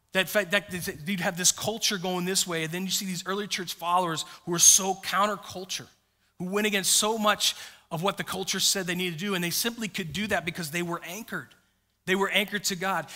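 Bright-voiced preacher in a reverberant hall. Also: male voice. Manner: storytelling, acts out quotes with big pitch jumps. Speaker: pastor. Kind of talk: sermon. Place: church sanctuary.

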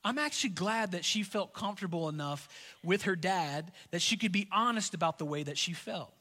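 High bright-voiced male pastor preaching. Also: animated, brisk, long reverb tail. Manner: conversational storytelling, repeats key lines for emphasis. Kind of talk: sermon.

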